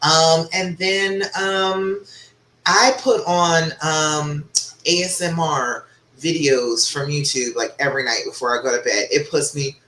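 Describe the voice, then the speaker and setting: A woman's voice: deep voice, steady tone, unhurried, fairly bright tone, echoey room, slight background noise, rough recording. A woman relationship coach on a live stream, giving chatty, encouraging advice and often checking in with "okay?". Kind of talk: live-stream advice and reading viewer comments.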